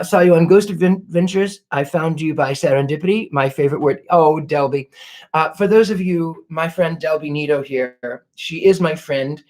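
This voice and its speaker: Male psychic host, fairly high voice, gentle and gushing, casual livestream chat. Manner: gentle and effusive, fond of 'lovely' and 'dear'. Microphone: home livestream setup.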